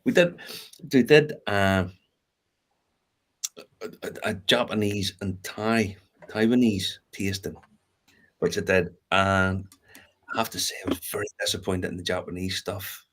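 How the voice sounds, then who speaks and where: A low-voiced man chats casually as a podcast co-host. He tells stories with easy laughter and the odd curse thrown in. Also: fairly even intonation, measured pace, long pauses, a bit bright. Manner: laughing storyteller, swears freely. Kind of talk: casual chat.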